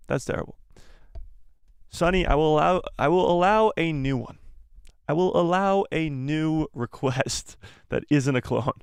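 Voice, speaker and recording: A male live-stream host with a gravelly, fry-edged voice, chatting casually with viewers about fandom news. He rambles and jokes at his own expense, speaking close to the mic in a dry, dead room. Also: a little high, animated, moderate pace, dry recording. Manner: self-deprecating, jokey and rambling. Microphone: close desk microphone.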